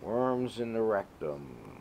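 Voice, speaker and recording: A man's voice: fairly low pitch, big pitch swings, slow, darkish tone, a little hiss or hum. A man filming his cats at home, chatting casually and cooing doting baby talk at his pets between rambling asides. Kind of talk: casual home video chat.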